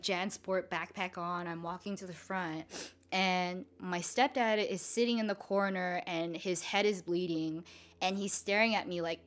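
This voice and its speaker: A young woman from Southern California casually telling a personal story, swearing freely and filling her talk with "like" and "you know.". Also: on the low side. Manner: casual, profane, lots of filler words.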